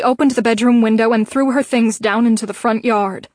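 Brief: female audiobook narrator, measured reading, slightly high pitch, dead-dry booth sound. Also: dry recording. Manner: steady, measured storytelling. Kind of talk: scripted narration.

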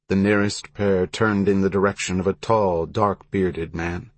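A man reading a historical story aloud in measured, even scripted narration. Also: deep voice, no room sound.

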